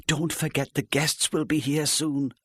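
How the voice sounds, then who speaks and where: A man voicing a timid, anxious fifty-year-old wife in an audiobook, talking softly with gushing politeness. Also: on the high side, wildly swooping pitch, normal speed, slightly rough, no echo, clean studio sound, voice pushed up, full character voice. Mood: hushed. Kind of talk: audiobook character voice.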